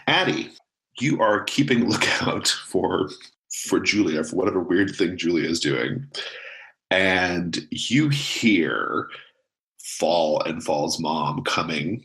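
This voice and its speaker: A man's voice: low voice, creaky, fairly bright tone, low-quality recording. A man narrating as game master of a tabletop role-playing game, in a loose, filler-heavy way.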